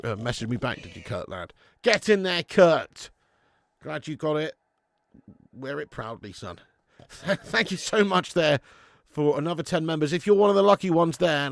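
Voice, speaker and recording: A man's voice: fairly high pitch, vocal fry, no echo, studio quality. A man doing a live football watch-along, chatty and sweary, reading out viewer messages on a webcam mic.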